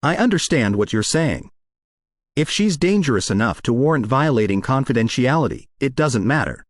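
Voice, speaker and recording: Man voicing woman therapist; firm, guarded, lively intonation. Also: mid-range voice, normal speed, no echo, studio quality, natural voice.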